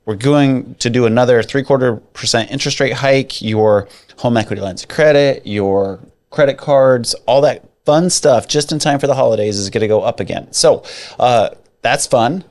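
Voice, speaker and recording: A man co-hosting a casual podcast about mortgages, talking in an animated way with jokey asides and emphatic repeats. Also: medium pitch, normal speed. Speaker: podcast co-host, mortgage adviser. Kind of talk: casual chat.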